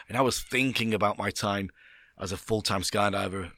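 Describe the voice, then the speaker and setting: A man in his fifties, a podcast guest telling lively stories in casual chat and laughing often. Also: lowish voice, normal speed, dry recording, studio quality. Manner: animated storyteller, laughs often. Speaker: podcast guest, skydiving event presenter.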